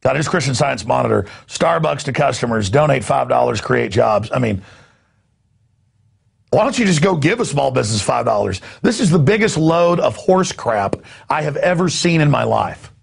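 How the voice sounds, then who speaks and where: A man's voice: a little high, gravelly, breathy edge. A man hosting a news talk show, ranting with indignant sarcasm and repeating himself as he goes.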